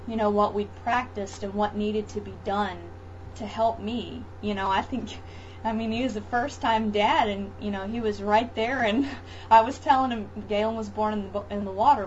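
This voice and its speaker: A woman's voice: medium pitch, highs cut off, slight background noise. A woman recounting her birth experiences in a casual interview, talking loosely with many fillers and restarts. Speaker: interview guest, mother. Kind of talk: casual chat, birth story.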